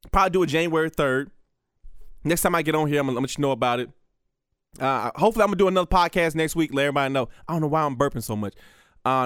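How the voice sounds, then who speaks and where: A man's voice: on the high side, a bit bright, clean tone, no room sound, studio quality. A man hosting a solo podcast, rambling and profane, with lots of restarts. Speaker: podcast host. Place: radio station studio.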